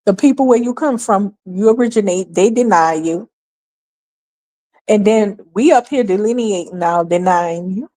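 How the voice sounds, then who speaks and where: A livestream host from New York, a woman with a mellow, medium-pitched voice, speaks at a moderate pace. She offers emphatic, sarcastic takes and sharp opinions, often phrased as rhetorical questions.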